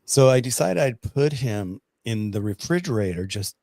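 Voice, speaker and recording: A man hosting a casual online chat, telling stories in an animated way over a video call. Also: medium pitch, moderate pace, no room sound, clean studio sound. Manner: animated storyteller. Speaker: host.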